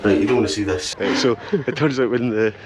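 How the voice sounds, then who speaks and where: A Scottish man hosting a casual travel vlog outdoors, narrating excitedly and joking as he walks around a festival campsite. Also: on the low side, quick pace. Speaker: vlogger host. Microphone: handheld camera. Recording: outdoor camera audio with steady noise.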